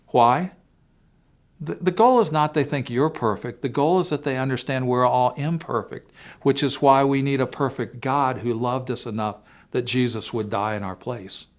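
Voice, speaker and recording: A man speaking to parents in a faith-based family talk, telling a personal story earnestly and swinging between hushed and emphatic moments. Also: medium pitch, fairly even intonation, moderate pace. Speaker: Christian family-series speaker.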